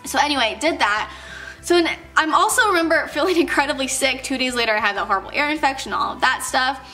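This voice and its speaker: High, bright-voiced young woman vlogger. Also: expressive, quick pace, soft background music. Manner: chatty, many "like"s, acts out quoted voices. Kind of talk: casual storytelling to camera.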